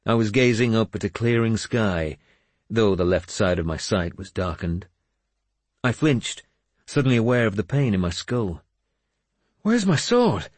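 A man narrating a first-person audiobook in a measured, expressive way on a close studio mic. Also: lowish voice, no echo.

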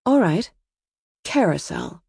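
A woman voicing a calm, wary young woman with a dry wit and a low, steady way of speaking, in an audiobook. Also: takes it slowly, vocal fry, husky, dry recording, exaggerated voice. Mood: quiet. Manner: low, steady, quiet delivery.

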